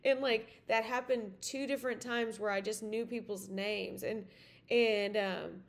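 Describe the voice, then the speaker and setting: A woman's voice: a little high, measured pace, gravelly. A woman hosting a podcast, telling a story in a casual, rambling way full of "like" and "you know.". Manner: chatty, full of "like" and "you know", many restarts. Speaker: podcast host.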